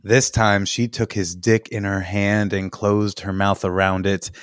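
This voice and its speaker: A man's voice: on the low side, flat delivery, a little slow, clear, resonant tone, dry recording, studio quality. A man hosting a podcast, reading fiction aloud in a matter-of-fact way with joking asides. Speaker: podcast host.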